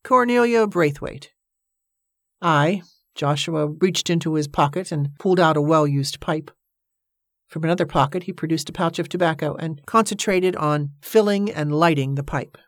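Woman, audiobook narrator, low voice, measured storytelling, dry close recording. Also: dry recording. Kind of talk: scripted narration.

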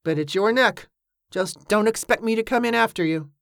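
A woman's voice: medium pitch, moderate pace, gravelly, fairly bright tone, no echo, clean studio sound, voice pushed up. Woman voicing a stubborn, grudging boatman. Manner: stubborn, condescending.

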